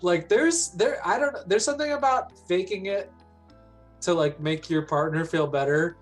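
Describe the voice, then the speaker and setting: A man's voice: sits high, normal speed, faint music behind. A man chatting on a comedy stream, rambling and joking with lots of fillers. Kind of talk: casual comedic chat on a live stream.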